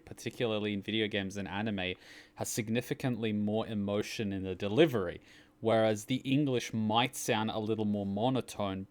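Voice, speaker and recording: A man with an Australian accent, hosting a reaction video in rambling, animated casual commentary. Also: fairly low pitch. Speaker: reaction channel host.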